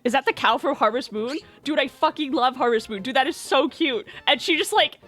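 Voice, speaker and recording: A young woman streaming, chatting excitedly and cooing to her pet bird. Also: sits high, brisk, faint music behind. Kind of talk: casual chat on stream.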